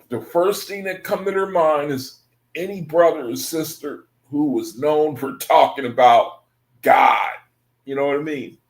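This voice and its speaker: A man casually reading scripture aloud and commenting on it, relaxed and chatty, often chuckling and dropping in "man" and "you know.". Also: a little high. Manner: laid-back, laughs often, says "man" and "you know". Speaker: religious study group reader. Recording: echoey room.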